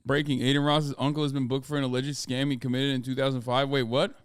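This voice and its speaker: A man's voice: medium pitch, level tone, quick pace, clear, resonant tone, no room sound, studio quality. A swearing man hosting a livestream. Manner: profane, blunt and heated. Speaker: livestream host. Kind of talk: casual livestream commentary.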